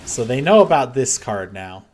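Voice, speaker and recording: A man thinking aloud as he plays a card game, reacting strongly to each turn, from quiet muttering to loud frustration. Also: mid-range voice, very animated, moderate pace. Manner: reactive, swings between muttering and frustrated outbursts. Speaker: gameplay commentator.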